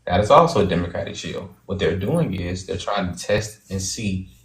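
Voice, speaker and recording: A man's voice: sits low, animated, moderate pace, reverberant, rough recording. A man calling into a talk show, emphatic and cautionary in his commentary. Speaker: caller.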